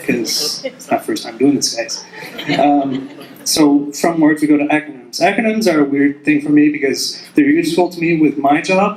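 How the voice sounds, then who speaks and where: A man's voice: mid-range voice, slight background noise. A man in his thirties doing a rambling, self-deprecating stand-up set on a club stage. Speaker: stand-up comic. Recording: echoey club with crowd.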